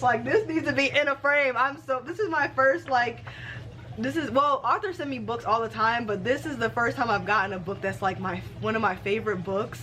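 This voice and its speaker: A woman in her twenties vlogging casually, excited and gushing, laughing often and using casual slang. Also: a little high, moderate pace, a little hiss or hum. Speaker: book vlogger. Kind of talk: casual vlog.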